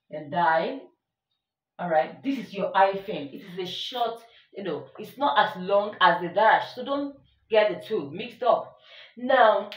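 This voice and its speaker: A woman teaching an English grammar lesson, emphatic, repeating her examples and checking that the listener follows. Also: mid-range voice. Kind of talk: classroom-style grammar lesson. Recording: echoey room, voice a bit far from the mic.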